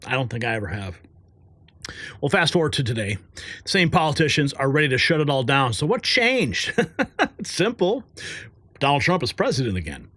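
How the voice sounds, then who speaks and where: A man's voice: mid-range voice, very animated, normal speed, pauses often, fairly bright tone, no room sound, studio quality. A man hosting a political news show, talking casually and joking between segments. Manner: joking, chatty asides.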